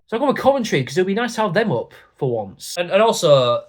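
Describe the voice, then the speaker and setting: A man's voice: high-pitched, big pitch swings, fast talker. A young man from York, giving football predictions in a sweary, rambling, blunt rant. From York, England. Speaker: YouTuber.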